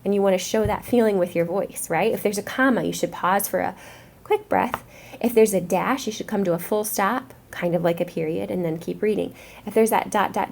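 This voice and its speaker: A woman teacher speaking to young students, explaining a reading lesson in a clear, encouraging classroom way. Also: mid-range voice, darkish tone.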